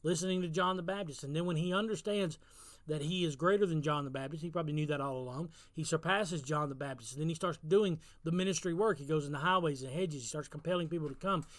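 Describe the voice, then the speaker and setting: Exhorting high-voiced pastor. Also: male voice, fast talker, dry recording. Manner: exhorting, repetitive, builds to emphatic peaks. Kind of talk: sermon-style devotional talk.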